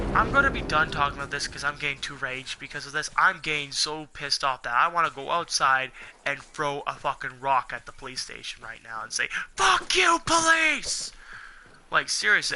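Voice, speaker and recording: A man's voice: a little high, a little fast, pushed and bright. A young man ranting heatedly to his viewers, swearing a lot and rambling as he vents. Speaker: gaming channel host. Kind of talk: angry ranting monologue.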